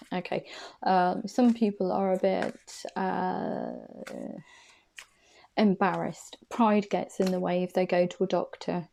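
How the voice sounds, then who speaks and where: A woman giving a casual, rambling tarot reading to camera, chatty and quick to laugh. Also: medium pitch, creaky, dark tone. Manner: rambling and chatty, laughs often, self-correcting. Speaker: intuitive tarot reader.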